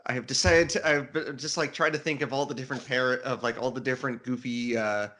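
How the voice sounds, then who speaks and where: A man's voice: fairly even intonation, fast, sharp tone. Man, podcast co-host, casual book chat, jokey, laughs a lot, mid-range voice. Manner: jokey, laughs often, acts out quoted lines in a higher voice.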